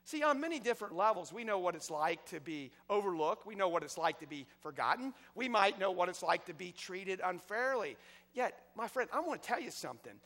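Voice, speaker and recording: Impassioned male preacher, high-pitched, long church-hall reverb. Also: big pitch swings, a little fast. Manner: impassioned storytelling, swinging between loud and hushed. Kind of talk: sermon.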